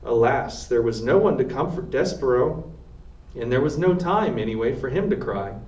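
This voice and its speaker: A man, a military sergeant, reading a children's novel aloud in a steady, plain way. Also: medium pitch, normal speed. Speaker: storybook reader, air force sergeant. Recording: roomy, distant, dull lo-fi sound.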